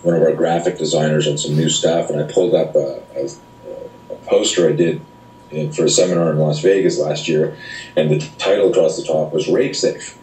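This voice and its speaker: Middle-aged male instructor, low voice, blunt animated storyteller who swears freely; echoey room, slight hiss. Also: brisk, soft background music. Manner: animated, profane, acts out quoted voices. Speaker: self-defense instructor, interview guest. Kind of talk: casual interview storytelling. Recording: roomy echo, speaker off-mic, faint noise.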